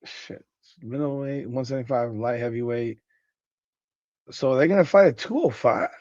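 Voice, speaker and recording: A man hosting a podcast late at night, sleepy and yawning, talking in loose, excitable slang and reading out comments. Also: medium pitch, normal speed, no room sound, muffled recording. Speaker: podcast host.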